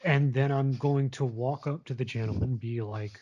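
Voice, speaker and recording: A man's voice: medium pitch, steady tone, moderate pace, hardly any pauses, dark tone, dull audio, a little hiss or hum. A man in his late twenties telling a long personal story in a candid, casual way, swearing often. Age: late 20s. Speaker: guest sharing his story. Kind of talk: casual conversation.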